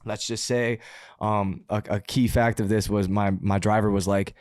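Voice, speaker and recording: Low-voiced guy rambling through a story on a podcast, swears a lot, laughs into his words, dry close mic. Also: normal speed, no room sound. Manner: animated, profane, laughs mid-sentence. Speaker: podcast guest. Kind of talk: casual storytelling.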